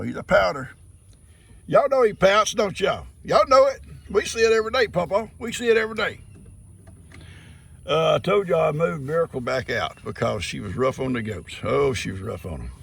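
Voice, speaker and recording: A man's voice: a little high, gravelly, fairly bright tone, breathy edge. An older man, chatting casually to his farm animals and viewers outdoors. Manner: folksy, talks sweetly to his animals. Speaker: farm vlogger.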